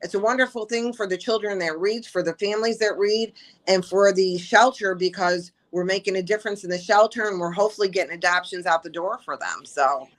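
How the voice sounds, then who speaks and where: A woman's voice: medium pitch, fairly quick. A woman from the shelter staff sharing an adoption story with heartfelt emotion in a casual interview.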